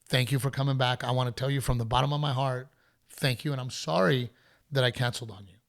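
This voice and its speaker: A middle-aged man hosting a podcast, telling a story in a casual, animated way and acting out other people's voices. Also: medium pitch, fast. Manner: animated, acts out heckler voices. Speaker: podcast host.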